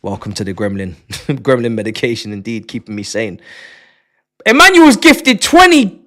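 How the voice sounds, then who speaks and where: Man, livestream chat, slangy, excitable, bright. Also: medium pitch, a little slow. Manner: excitable, slangy, laughing and sighing often. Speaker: livestream host. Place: his home.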